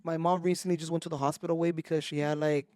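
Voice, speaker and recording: A man, a podcast co-host telling a story in animated casual chat and mixing Spanish into his English. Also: on the high side, quick pace, clear, resonant tone, no echo. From Mexico.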